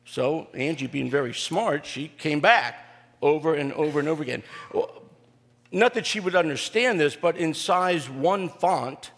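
An older man, a pastor, preaching a sermon and telling family stories in a folksy, joking way, often pausing on "uh". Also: on the high side, fairly bright tone. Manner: folksy and joking, with frequent "uh" fillers. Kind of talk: sermon with personal storytelling. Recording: long reverb of a large hall.

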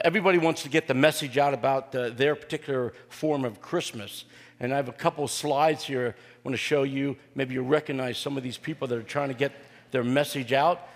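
An older pastor preaches a sermon, telling family stories in a folksy, joking manner and often pausing on "uh." His pitch is medium. A large hall gives the recording a long reverb.

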